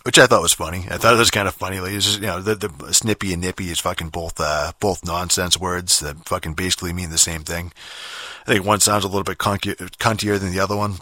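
A man with a Boston accent tells a rambling, profane story, stumbling over and repeating his words. His voice is deep with a bright, forceful edge, and it comes through mumbly and a little slurred. The recording is close and dry. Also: fairly even intonation, fast talker, dry recording.

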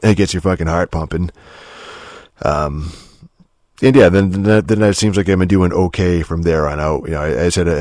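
Man, very deep voice, rambling profane gaming chat, dry close sound. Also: darkish tone, no room sound. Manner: profane, rambling, heavy filler words. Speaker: gamer telling stories. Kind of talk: casual rambling monologue.

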